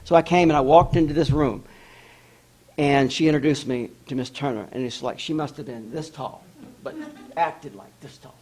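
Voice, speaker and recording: A man's voice: mid-range voice, moderate pace, breathy edge. An author telling a story in an address and acting out the people he quotes. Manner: animated storyteller who acts out quoted voices. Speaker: author giving a talk.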